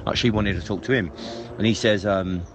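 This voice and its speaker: A man's voice: lowish voice, steady tone, a little fast, background noise. A man, retelling a story casually, hesitant with lots of ums and restarts.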